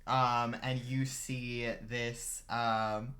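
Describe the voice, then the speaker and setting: A man's voice: medium pitch, flat delivery, extremely slow, bright, forceful tone. A man narrating a tabletop role-playing game as game master, loose and filler-heavy.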